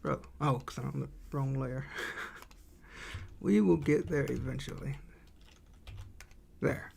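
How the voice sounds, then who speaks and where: A man's voice: medium pitch, takes it slowly, creaky, darkish tone, a little hiss or hum. A man streaming his indie game development, chatting casually and thinking aloud while he draws and reads chat.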